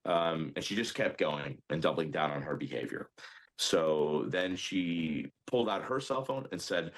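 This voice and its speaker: A man telling what happened in an interview, hesitant, with many pauses and ums. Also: low voice. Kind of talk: recounting an incident in an interview.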